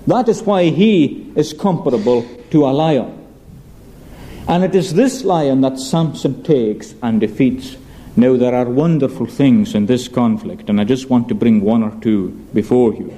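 A male preacher giving an earnest expository sermon, asking rhetorical questions and reading scripture aloud slowly. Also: medium pitch, warm tone.

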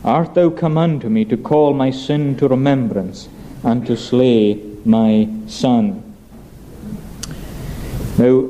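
Earnest preacher, man with a dark tone. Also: a little high, a little hiss or hum. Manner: earnest, emphatic preaching with slow, weighty phrases. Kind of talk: sermon.

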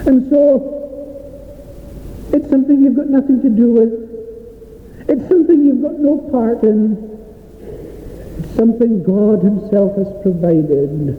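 A man's voice: sits high, a little hiss or hum. A man preaching a sermon in a church, earnest and repetitive, stretching out key phrases for emphasis. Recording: echoey hall, dull lo-fi sound.

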